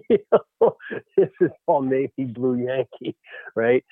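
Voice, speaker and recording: A former baseball coach telling a lively story in a radio interview, peppering his talk with "you know" and "right?". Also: mid-range voice, moderate pace, husky, no echo. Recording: tinny phone line.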